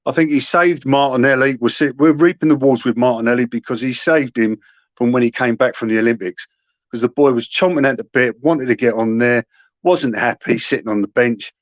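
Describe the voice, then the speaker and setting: A man's voice: mid-range voice, fairly quick, dry recording. Earnest man, dry close sound. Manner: earnest opinions, hesitant fillers. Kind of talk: casual football chat.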